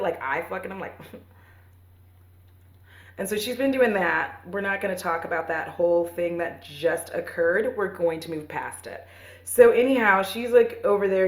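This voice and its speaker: A woman in her thirties casually retelling a movie for a podcast, rambling and profane, with playful asides and quick voices for the characters. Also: medium pitch. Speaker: podcast host. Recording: roomy echo.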